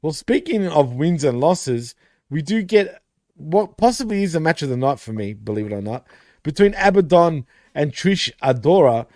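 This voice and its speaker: A man's voice: a little high, sing-song, moderate pace, a little mellow, no room sound, studio quality. A man co-hosting a casual wrestling recap show, laughing often and swearing, calling his co-host dude and bro.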